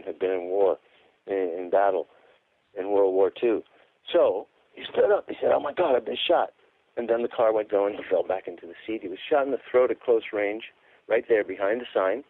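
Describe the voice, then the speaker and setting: A man's voice: on the low side, no room sound. A man as a radio guest, telling his account emphatically and repeating words for stress. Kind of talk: phone-in radio interview. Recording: tinny phone line.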